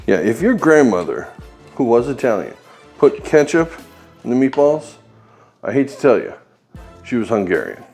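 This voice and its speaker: A man's voice: mid-range voice, big pitch swings, normal speed, long pauses, darkish tone, faint music behind. A man hosting a home cooking video, demonstrating a recipe in a chatty, joking way with bossy asides. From United States. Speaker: home cooking channel host.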